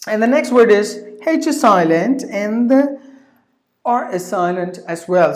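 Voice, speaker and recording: A woman teaching English pronunciation, repeating each word slowly several times with filler sounds between explanations. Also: medium pitch, animated, darkish tone. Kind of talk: pronunciation lesson. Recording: echoey room.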